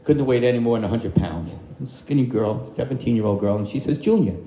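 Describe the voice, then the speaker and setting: Recorded live in a roomy restaurant over backing music, this older dinner-show singer speaks fairly quickly in a mellow, medium-pitched voice. Between crooned oldies, he entertains the crowd with joking, folksy stories.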